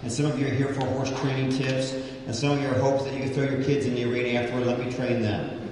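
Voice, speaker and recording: A man's voice: mid-range voice, steady tone, fast talker, darkish tone, slight background noise. A man preaching a sermon while working with a horse, emphatic, with dramatic swings in pace. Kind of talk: sermon with live horse demonstration. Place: indoor horse arena. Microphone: distant mic. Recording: distant mic in echoey arena.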